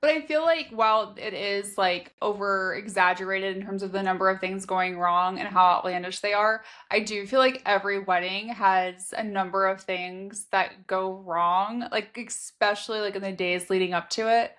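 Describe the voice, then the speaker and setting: A woman's voice: mid-range voice, steady tone, normal speed, hardly any pauses, fairly bright tone. A woman in her thirties co-hosting a podcast, chatting casually and telling personal stories with lots of "like.". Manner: chatty storyteller, frequent "like" fillers. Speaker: podcast co-host. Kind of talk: casual chat.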